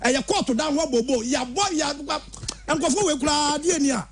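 A man with a Ghanaian accent, telling stories in an animated, casual radio chat and mixing English with Twi. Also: very high voice, moderate pace. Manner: animated storytelling, switching between English and Twi.

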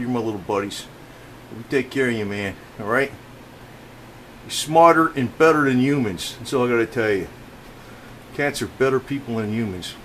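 A man's voice: on the low side, a little hiss or hum, low-quality recording. A man casually narrating a home video, rambling and swearing as he chats to his cats about a walkway he built. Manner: rambling, profane, chatty, talks softly to his cats. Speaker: home DIY vlogger. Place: indoor home room.

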